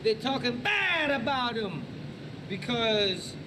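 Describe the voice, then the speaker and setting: A man with an American accent boasting about his accent impressions in a video, slow and full of street slang. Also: very high voice, sing-song, background noise. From United States.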